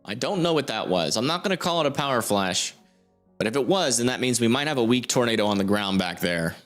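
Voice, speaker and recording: A young man with a mid-range, fairly bright voice hosts a live weather stream, talking fast and animatedly about a storm on radar. He thinks aloud informally, full of fillers, over soft background music.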